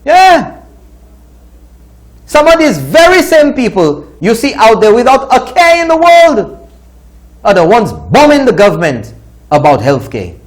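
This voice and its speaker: A high-voiced man with a Saint Lucian accent hosts a commentary show. His delivery is indignant and scolding, with pitch swinging widely as he makes his points. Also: huge pitch swings, a little slow, pauses often. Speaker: talk show host. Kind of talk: opinion commentary.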